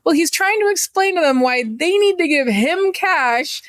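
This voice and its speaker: Woman, 30s, lively storyteller, dry close mic. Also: very high-pitched, normal speed, no echo. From Canada. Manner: animated, chatty, acts out quoted voices. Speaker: guest entrepreneur. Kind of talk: casual storytelling interview.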